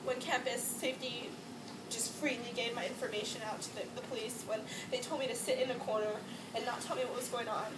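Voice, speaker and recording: High-voiced young woman, distant and echoey. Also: fairly even intonation, fairly quick. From Hawaii. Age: young adult. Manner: casual, emotional storytelling with frequent "like" and nervous laughs. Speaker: student speaker. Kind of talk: personal testimony to a crowd. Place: echoey indoor campus space. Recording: distant mic in an echoey room with background noise.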